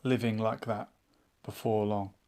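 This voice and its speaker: A man hosting a live online chat show, musing out loud and reading viewers' comments aloud in a casual, thinking-aloud way. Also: fairly low pitch, level tone, measured pace, smooth. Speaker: livestream chat host.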